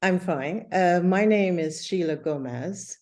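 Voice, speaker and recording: Slow, patient woman teaching over a video call. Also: lowish voice, darkish tone. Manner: slow, patient explaining with many fillers. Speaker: English teacher. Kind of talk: online English lesson.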